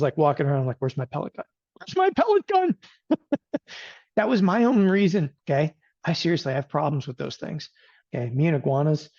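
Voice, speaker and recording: A man's voice: medium pitch, gravelly, a little mellow, no echo, muffled recording. A middle-aged man giving casual live market commentary as a strategist, chatty and peppering his talk with "okay?".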